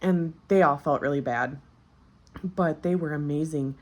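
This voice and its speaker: Vlogger, woman in her 30s, low voice, candid and chatty, fresh from childbirth. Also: unhurried. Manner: candid, chatty, frequent fillers. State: recently postpartum. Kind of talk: casual storytelling.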